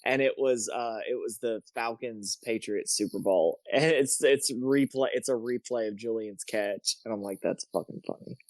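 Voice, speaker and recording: A man's voice: mid-range voice, moderate pace, few pauses, no room sound. A man co-hosting a casual sports podcast, swearing freely and rambling through anecdotes. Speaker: podcast co-host.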